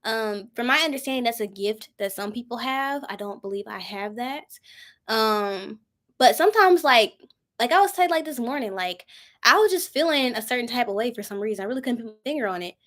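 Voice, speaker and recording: A young woman in her twenties leads a Bible study in an easy, conversational way. Her voice sits a bit high, and she drops into acting out her own prayers as she explains. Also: expressive, fairly quick, a bit bright. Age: 20s. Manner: chatty and informal, acts out her own prayers. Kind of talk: casual Bible study teaching.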